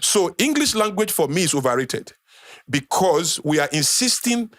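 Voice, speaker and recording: A man's voice: fairly high pitch, very animated, moderate pace, fairly bright tone, no echo. Emphatic Nigerian man, dry studio sound. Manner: emphatic, repeats phrases for effect, lecturing. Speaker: guest speaker. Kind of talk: passionate podcast talk.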